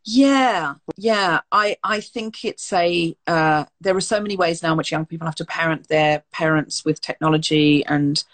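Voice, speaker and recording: A woman hosts a relaxed interview, asking winding questions and correcting herself mid-sentence. Her voice sits a little low for a woman. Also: normal speed, few pauses. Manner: rambling, self-correcting questions. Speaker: podcast host. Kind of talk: interview chat.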